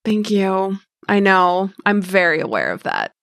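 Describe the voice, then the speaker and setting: A woman playing a tabletop role-playing game, unhurried and sardonic. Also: mid-range voice, huge pitch swings, a bit bright, no room sound. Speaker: player. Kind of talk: tabletop role-play, in and out of character.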